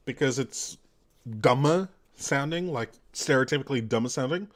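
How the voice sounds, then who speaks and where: A man's voice: fairly high pitch, normal speed, fairly bright tone. A young adult man chatting casually while streaming a game, rambling and correcting himself with lots of fillers. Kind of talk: casual let's-play chat.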